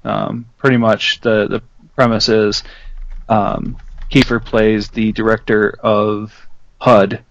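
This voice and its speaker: A man's voice: lowish voice, flat delivery, slow, gravelly, lo-fi sound. A young man in casual chat who explains TV plots at length, filling gaps with "uh" and "um.".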